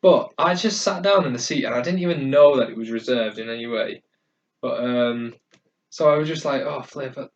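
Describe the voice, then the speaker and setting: A man's voice: medium pitch, moderate pace, recorded from a distance. A man hosting a podcast, telling stories casually with lots of fillers and restarts. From North of England. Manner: rambling, hesitant storytelling with many fillers. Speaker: podcast host. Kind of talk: casual chat. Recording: muffled sound from away from the mic.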